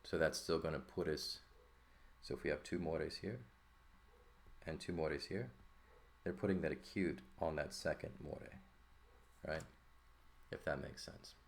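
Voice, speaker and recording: Very deep-voiced man teaching. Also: gravelly. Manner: explanatory, checks in with "right?" often. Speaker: Greek teacher. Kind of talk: explaining at a board.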